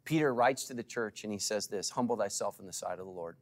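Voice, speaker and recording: A middle-aged male pastor preaching to a congregation, swinging from loud calls to hushed asides and asking for responses. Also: fairly low pitch, fast. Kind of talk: sermon.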